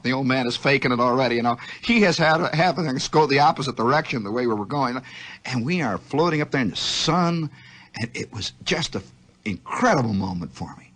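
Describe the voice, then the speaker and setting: A man hosting a radio show, telling a childhood story in a rambling, animated monologue and often searching for words. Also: mid-range voice, fairly quick. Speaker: radio host.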